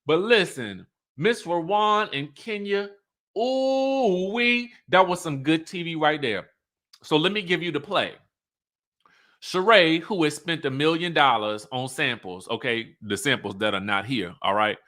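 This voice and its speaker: A man's voice: fairly high pitch, animated, unhurried, bright, forceful tone. A man recapping a reality show in a sassy, chatty way, full of asides and laughing at his own remarks. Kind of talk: casual show recap commentary.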